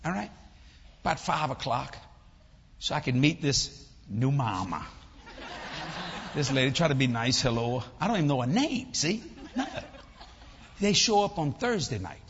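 A man, preaching as a lively, laughing storyteller in a church. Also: medium pitch, normal speed, pauses often, slight background noise. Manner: animated, laughing, folksy storyteller. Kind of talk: humorous storytelling sermon. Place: church sanctuary. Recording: echoey church hall, slightly dull.

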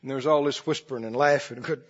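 A man preaching a sermon, swinging between soft asides and loud exclamations. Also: medium pitch, fairly even intonation, quick pace, breathy edge. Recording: reverberant hall, dull lo-fi sound.

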